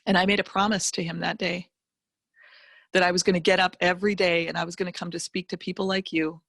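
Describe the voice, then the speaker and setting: Here the same kind of guest speaker, a middle-aged financial educator, has a fairly low, creaky voice and talks quickly. Her personal motivational story comes across emphatic and animated, full of vivid asides, in clean studio audio without room sound.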